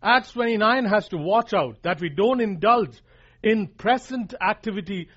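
A man's voice: high-pitched, normal speed, fairly bright tone, breathy edge. A man preaching a sermon, pressing his points hard and repeating key lines for emphasis while calling his listeners "guys.". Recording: dull lo-fi recording.

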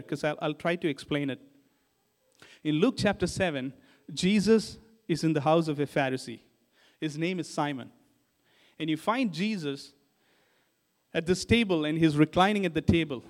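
A male preacher retelling a story in a sermon, speaking casually to his listeners. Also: on the high side. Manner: storytelling, addresses listeners as guys. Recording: long hall reverb.

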